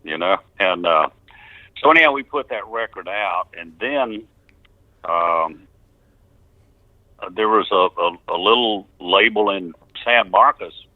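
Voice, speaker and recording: A man's voice: low-pitched, a little slow, long pauses, no echo. An older man from Texas telling rambling stories with chuckles and restarts in a casual interview. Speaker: musician telling his story. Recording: tinny phone-line interview.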